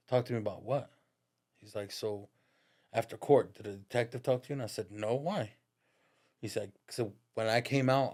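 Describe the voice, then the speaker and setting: A man's voice: on the low side, a little mellow. Podcast guest, male, casual storyteller, loose and profane, heavy street slang. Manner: profane, slang-heavy, addresses listener as "dog"; laughs through his stories.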